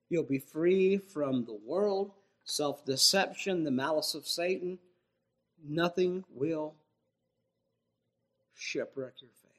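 A man preaching a sermon, mocking swindlers with joking asides and swinging from loud exhortation to a hushed near-whisper. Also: a little high, takes it slowly, pauses often.

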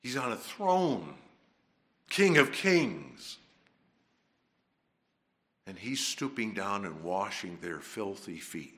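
A male preacher delivers a sermon at a slow, deliberate pace. His bright voice moves in lively swings of pitch, dropping to a hush and then rising emphatically. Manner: emphatic, dramatic swings between soft and loud.

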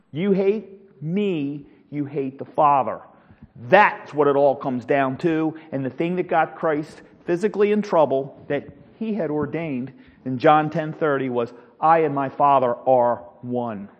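A man with a high-pitched voice delivers a dramatic sermon, rising to loud declarations and dropping to hushed lines as he acts out scripture and shouting crowds. His voice rings with a long hall reverb. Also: unhurried. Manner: dramatic, swings from loud declaring to low near-whispers. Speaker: preacher.

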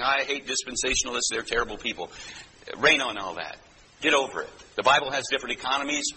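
A man's voice: medium pitch, noisy background. A man preaching a sermon as pastor, teaching in a conversational way with frequent asides to his listeners.

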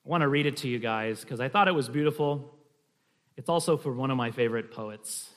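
A man's voice: medium pitch, fairly quick, a bit bright. A man teaching a church class on family worship, talking in a conversational, explanatory way with frequent restarts and fillers.

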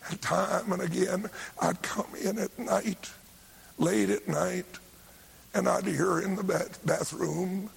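An older preacher with a gravelly, raspy voice that sits high for a man. He tells a revival story with fervor, building to shouted lines when he voices the people in it. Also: steady tone, slow pace. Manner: fervent, rising to shouts when quoting.

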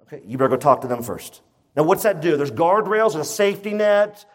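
A man with a fairly high voice preaches to his church. He talks in an emphatic, conversational way and keeps turning to the listeners with rhetorical questions. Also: lively intonation, fairly quick. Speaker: pastor. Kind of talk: sermon.

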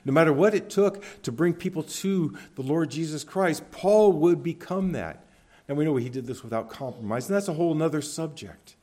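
A man's voice: lively intonation, normal speed, dark tone. Earnest male preacher. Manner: earnest preaching, rising to emphatic peaks and dropping low. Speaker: pastor. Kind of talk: sermon.

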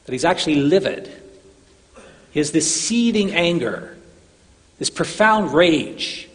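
A man's voice: on the high side, animated, takes it slowly. A man preaching an earnest sermon, addressing his listeners as brothers and sisters, with long hall reverb.

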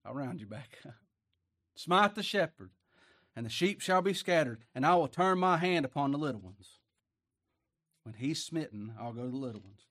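A man preaches in a fairly high voice, dropping into quiet folksy asides before climbing to loud, emphatic declarations. He chuckles between points, and the recording is close and dry, with no room sound. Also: lively intonation, moderate pace, no echo. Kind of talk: sermon.

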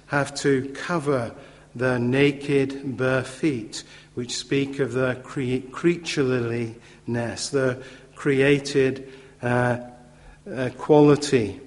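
A man delivers a sermon at an unhurried, deliberate pace, stressing key words through repetition. His mid-pitched voice carries a long reverb from a large hall or church. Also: steady tone. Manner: measured, emphatic repetition with occasional fillers. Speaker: preacher.

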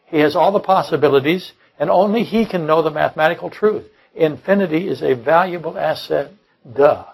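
A man's voice: a little high, fairly quick, creaky, slightly rough, low-quality recording. An older man preaching a sermon, blunt and combative, often repeating and restarting his phrases. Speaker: pastor. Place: church service.

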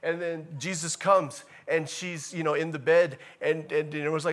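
A man preaching a sermon in a casual, animated way, repeating key phrases and rising to loud emphatic bursts. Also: fairly high pitch, moderate pace. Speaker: pastor.

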